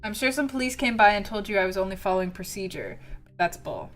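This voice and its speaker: A woman reading a guilt-ridden detective's narration from a story game, in a low, even way. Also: fast, close to an everyday voice. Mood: remorseful.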